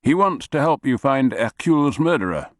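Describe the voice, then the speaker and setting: A man voicing a hearty, brisk older military officer. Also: medium pitch, big pitch swings, no room sound, studio quality, pitched above the performer's own voice, close to an everyday voice.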